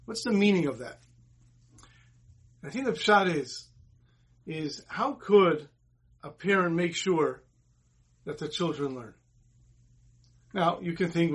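Male rabbi, higher husky voice, earnest sermon with storytelling. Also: expressive, normal speed, pauses often. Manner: earnest, retells dialogue in the story. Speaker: rabbi giving a Torah talk.

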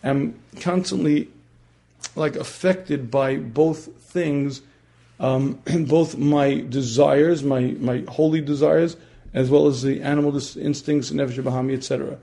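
A man teaching a religious class who often clears his throat and asks his listeners questions. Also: mid-range voice, fairly even intonation, measured pace, warm tone.

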